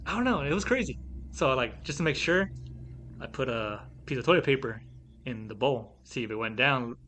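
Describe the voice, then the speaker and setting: A man co-hosting a podcast who chats casually and tells stories in an animated way, swearing often and leaning on fillers. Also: medium pitch, normal speed, slight background noise. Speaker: podcast co-host. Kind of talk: casual chat.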